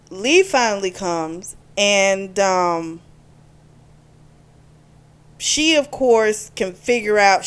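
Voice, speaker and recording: A woman's voice: mid-range voice, clear, resonant tone. A woman reviewing a romance novel in a casual chat, retelling the plot and acting out the characters' lines. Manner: chatty retelling, acts out quotes with "she's like". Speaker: book reviewer.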